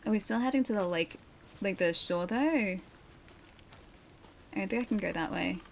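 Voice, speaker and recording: A woman's voice: medium pitch, normal speed, creaky, slight background noise. A young woman streamer chatting casually as she plays a game at her PC, reacting and laughing often. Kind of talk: casual live-stream gaming chat. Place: home room at her PC.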